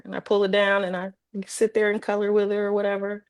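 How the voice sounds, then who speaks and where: A woman's voice: medium pitch, fast talker, smooth, dry recording. A woman with an Ohio accent, a former social worker telling stories casually on a podcast, acting out the voices of the people in them. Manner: animated, acts out voices in her stories. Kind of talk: casual storytelling. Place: podcast studio.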